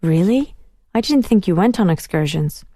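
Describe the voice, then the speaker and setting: A woman's voice: on the low side, animated, normal speed, mellow, no echo. A woman doing a kind, reassuring teenage girl. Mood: warm. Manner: reassuring, supportive. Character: warm, encouraging teenage girl friend.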